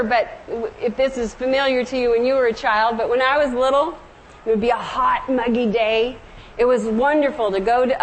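A middle-aged woman from the American South preaching a sermon, telling stories gently and slowing down on scripture and hymn lines. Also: on the high side, slight background noise, low-quality recording. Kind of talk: sermon with storytelling.

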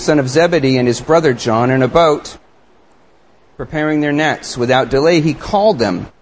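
A man preaching a sermon, reading scripture and reflecting on it with earnest, emphatic questions. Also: mid-range voice. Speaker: pastor.

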